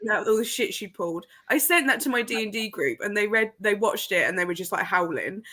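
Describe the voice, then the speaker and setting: A woman telling stories in a casual chat, animated and laughing through her words. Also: mid-range voice, fairly quick, a little hiss or hum.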